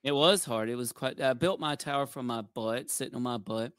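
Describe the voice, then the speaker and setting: A man's voice: medium pitch, a little fast, fairly bright tone, no room sound. A man, a former game show contestant, talking in a jovial, folksy, playfully boastful way in a casual group chat.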